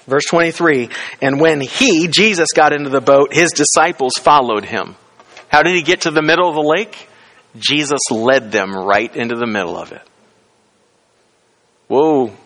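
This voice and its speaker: A man's voice: animated, moderate pace, a bit bright. A man preaching a sermon in a conversational way, often asking the listeners questions and acting out quoted lines. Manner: conversational, asks the congregation questions; acts out quoted lines with rising pitch. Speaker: pastor.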